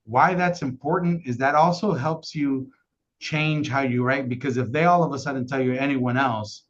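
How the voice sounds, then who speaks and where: A man's voice: mid-range voice, moderate pace. Upbeat man training sales agents. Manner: energetic, keeps asking "right?". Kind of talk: casual training call. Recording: dull lo-fi call audio.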